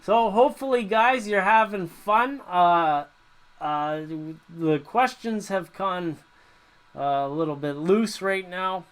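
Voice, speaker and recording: His voice is high-pitched, expressive, and smooth, and he takes things slowly while hosting a casual livestream Q&A. The North American host rambles with plenty of fillers and keeps chuckling.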